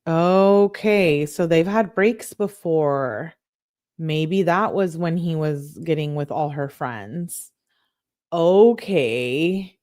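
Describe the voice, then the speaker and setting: A woman's voice: low-pitched, takes it slowly, darkish tone. A woman talking through a true crime case in a casual, conversational way, thinking aloud as she goes.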